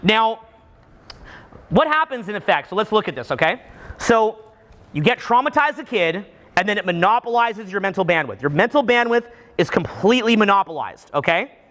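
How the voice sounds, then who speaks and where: A man's voice: sits high, moderate pace. A man from Canada giving a live seminar talk to an audience, acting out what people say and often restarting his sentences. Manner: animated, acts out what people say, frequent restarts. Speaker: seminar speaker.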